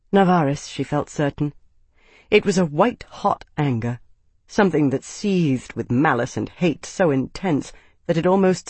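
A man giving measured, scripted narration of an audiobook. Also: on the high side, a little mellow, no echo.

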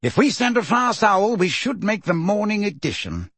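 A man's voice: high voice, big pitch swings, normal speed, fairly bright tone, husky, dry recording, pitched above the performer's own voice, exaggerated voice. A man reading an audiobook, voicing a pompous middle-aged male minister who blusters and quivers with delight. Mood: triumphant.

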